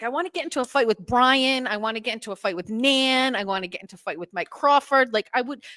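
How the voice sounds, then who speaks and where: A woman hosting a podcast, chatting casually in a gossipy, animated way. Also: a little high, no echo. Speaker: podcast host. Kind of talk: casual chat.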